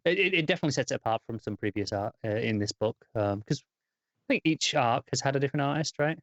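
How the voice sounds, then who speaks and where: A man co-hosting a comics podcast in an easygoing, conversational way, sometimes restarting his sentences. His voice is mid-pitched. The sound is a little dull and dry. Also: lively intonation, fast, fairly bright tone, dry recording. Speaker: podcast co-host. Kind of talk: casual comic review chat.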